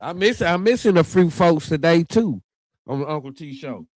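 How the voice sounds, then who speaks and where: A man's voice: a little high, lively intonation, normal speed, darkish tone, no echo. Chatty man hosting a live show. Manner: chatty, folksy, keeps addressing viewers as y'all. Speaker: talk show host. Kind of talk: casual livestream show hosting.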